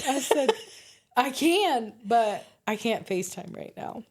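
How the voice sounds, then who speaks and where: Animated storytelling woman, laughing often. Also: a little high, slow, slightly rough. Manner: animated, laughing while telling stories; swears casually. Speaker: podcast co-host. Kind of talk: casual storytelling chat.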